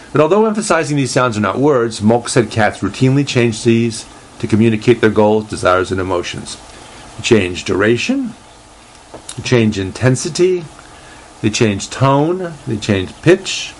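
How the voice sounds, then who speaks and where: A man hosting a casual solo talk show, reading aloud haltingly with lots of fillers and restarts, and a dry, deadpan humor. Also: on the low side, a little hiss or hum. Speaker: host.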